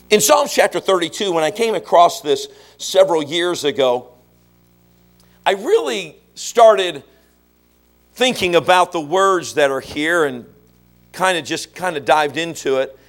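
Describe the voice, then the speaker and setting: High-voiced preaching man, animated. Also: unhurried. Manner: animated preaching, rising to shouts, call-and-response questions. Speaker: pastor. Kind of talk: sermon.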